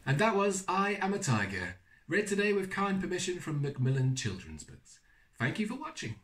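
Bright, lively children's author. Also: male voice, sits high, normal speed. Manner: teasing, playful sceptic. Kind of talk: picture-book read-aloud.

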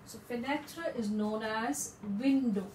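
A woman teaching French in a lesson, explaining slowly and repeating words for practice. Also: fairly high pitch, a little mellow, roomy sound, recorded from a distance, slight background noise, rough recording.

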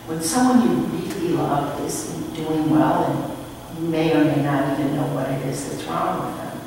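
A woman minister telling a story in a sermon, slowly and expressively in a church sanctuary. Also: deep voice, distant mic. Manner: slow, expressive storytelling with lively rises. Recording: echoey hall from afar, faint noise.

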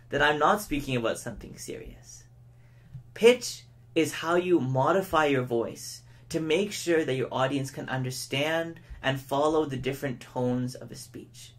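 A man giving a public speaking lesson, who shows each point by speeding up, slowing down and shifting his tone of voice. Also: on the high side. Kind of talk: educational lesson to camera.

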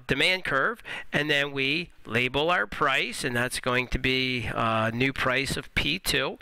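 A man teaching economics in a recorded lecture over graphs, stressing and repeating key points slowly. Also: fairly high pitch, creaky, bright, forceful tone, clean tone, no room sound, poor audio.

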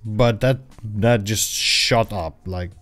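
Low-voiced man rambling on a game stream. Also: slow pace, a bit bright. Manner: rambling, chatty, with frequent fillers and self-corrections. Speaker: livestreaming gamer. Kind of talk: casual gameplay livestream chat. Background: royalty-free background music.

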